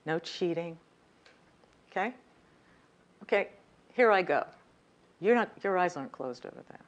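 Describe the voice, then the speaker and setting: A woman with a slightly low voice runs a speaking workshop in a lecture room. She leans hard on key words and checks in with her listeners as she goes. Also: animated, measured pace, dull audio. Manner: emphatic, demonstrative, direct with audience. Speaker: communication coach.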